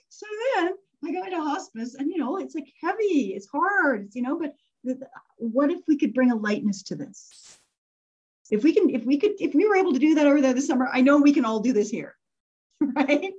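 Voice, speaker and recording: A middle-aged woman giving a motivational talk to a group, chatty and animated, laughing often as she tells stories. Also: sits high, fairly quick. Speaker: speaker teaching a group. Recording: dull lo-fi recording.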